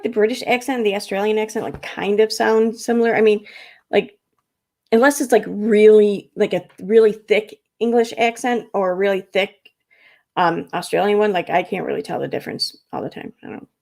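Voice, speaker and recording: A woman's voice: medium pitch, moderate pace, vocal fry, a little mellow. An American woman hosting a casual livestream, rambling with many fillers and laughing easily. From United States. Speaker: livestream host.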